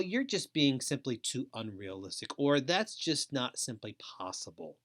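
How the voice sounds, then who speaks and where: A man giving a recorded lecture as a foster care educator, speaking deliberately and repeating key phrases. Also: mid-range voice, a bit bright.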